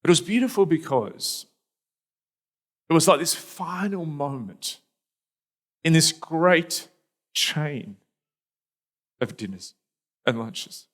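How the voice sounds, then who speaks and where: Pastor telling a personal story. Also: male voice, a little high, animated, slow pace, long pauses. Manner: conversational, reflective, with fillers and restarts. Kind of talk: storytelling sermon.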